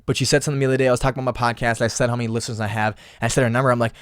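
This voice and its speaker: A man's voice: medium pitch, flat delivery, rapid-fire, hardly any pauses, smooth, no echo, clean studio sound. A young man hosting a casual motivational podcast, talking solo in an impassioned, emphatic way and often repeating phrases. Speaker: podcast host.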